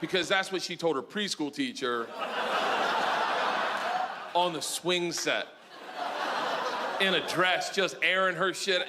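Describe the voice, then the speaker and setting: A middle-aged man doing a stand-up routine, telling a story loudly and excitably and bursting into shouts. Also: fairly high pitch, slow pace, pauses often. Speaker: stand-up comedian. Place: live comedy stage before an audience. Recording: noisy live stand-up recording.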